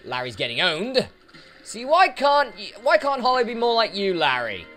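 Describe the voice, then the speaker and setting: A man's voice: sits high, wildly swooping pitch, moderate pace, fairly bright tone. A man giving casual let's play commentary, chatting to the enemies on screen as he plays, with game music behind him. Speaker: gaming YouTuber.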